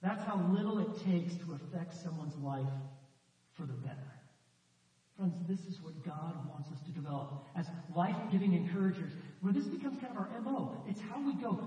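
A man's voice: high voice, lively intonation, normal speed, dark tone. A man preaching a sermon as a pastor, telling stories in a conversational way and acting out the quotes. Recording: echoey hall, distant mic, dull sound.

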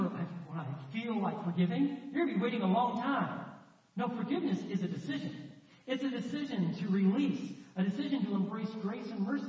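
A man preaching a sermon with animated storytelling, acting out the voices in his stories. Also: high voice. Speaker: pastor. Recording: echoey hall from far off, dull sound.

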